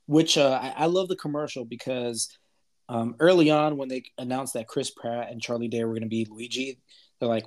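A man co-hosting a podcast, talking excitedly and casually about a film. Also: medium pitch, a little fast. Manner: enthusiastic, excitable, says dude. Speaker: podcast co-host. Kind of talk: casual chat, movie review.

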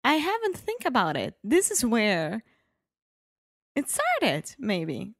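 Portuguese-accented woman with a creaky voice. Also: fairly high pitch, wildly swooping pitch, slow, fairly bright tone, dry recording, studio quality. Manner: hesitant, laughs often, searches for English words. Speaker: co-host learning English. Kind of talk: casual chat.

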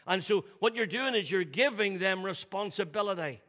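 A man's voice: moderate pace, hardly any pauses, a bit bright, long reverb tail. A man preaching a sermon in a loose, conversational way, often repeating and restarting his words. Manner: conversational, repeats himself, drops to a low voice for quotes. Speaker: pastor.

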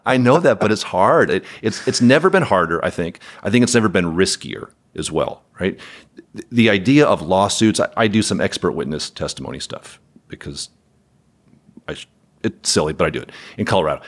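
A man's voice: low-pitched, lively intonation, a little fast. A man who runs a property management company, speaking as a podcast guest in a candid, wry way with chuckles. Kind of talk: podcast interview conversation.

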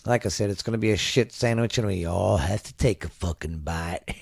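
A man's voice: low voice, fairly quick, vocal fry, slightly rough, no room sound. Profane rambling man on a dry mic. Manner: profane, ranting, stammering. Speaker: podcast host. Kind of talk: casual rambling monologue. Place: home at night.

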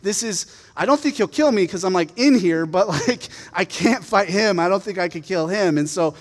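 A man's voice: sits high, expressive, normal speed, big-room sound. Man doing a brash young shepherd boy. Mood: bragging. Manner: casual, boastful, chatty.

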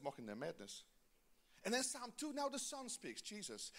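High, bright-voiced preacher man exhorting. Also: huge pitch swings, moderate pace. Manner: exhorting the congregation, calls for responses; swings between loud emphasis and quiet asides. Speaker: pastor. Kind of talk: sermon. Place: church.

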